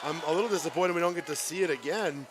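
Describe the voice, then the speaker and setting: A man giving live play-by-play commentary on a volleyball match in a school gym, often reacting with quick exclamations. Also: a little high, crowd noise, background noise. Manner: excitable, exclaims "ooh" at big plays. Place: school gymnasium.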